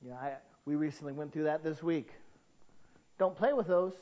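A man preaching a sermon as pastor, dramatic, dropping soft then bursting into shouts. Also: on the high side, moderate pace, dull audio.

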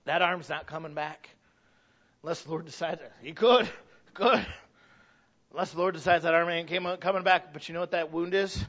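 A man in his thirties, a pastor, delivering an impassioned sermon that swings from hushed to loud, repeating key phrases. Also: fairly high pitch, normal speed, long pauses. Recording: dull lo-fi recording.

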